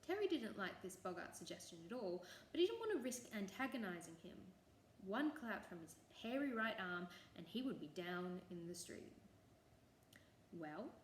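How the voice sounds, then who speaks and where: A woman's voice: medium pitch, big pitch swings, moderate pace, a little hiss or hum. Woman telling a folk tale. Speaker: storyteller. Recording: echoey room, faint ambience.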